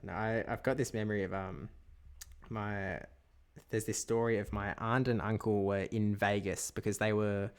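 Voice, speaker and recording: A man's voice: on the low side, level tone, moderate pace, smooth. A young Australian man streaming a game, chatting casually and telling anecdotes with frequent laughs. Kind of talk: casual chat while gaming.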